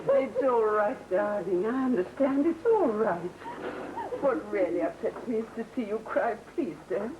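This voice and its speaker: An actress playing a gentle, patient mother back home after a long illness, with calm, consoling speech in an old television drama. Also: mid-range voice, normal speed, few pauses, dull audio, background noise, close to an everyday voice. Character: gentle mother returned from a mental hospital. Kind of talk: 1960 television drama acting.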